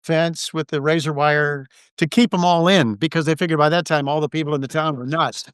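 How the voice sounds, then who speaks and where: An older man, a guest actor, telling relaxed anecdotes in a casual interview over a video call and acting out the lines he quotes. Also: a little high, a little fast, smooth, no echo, clean studio sound.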